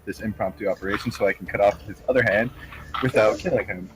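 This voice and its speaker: A man from Canada playing a tabletop game over a video call, chatty and quick to explain his plans, often restarting his sentences. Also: fairly low pitch, music in the background, rough recording. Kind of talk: casual play, table chat.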